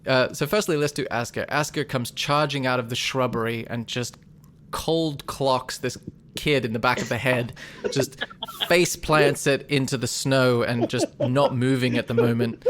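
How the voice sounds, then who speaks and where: A man's voice: mid-range voice, moderate pace, slight background noise. Laid-back male game master. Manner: relaxed, explains rules patiently, laughs often. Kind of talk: narrating a tabletop game.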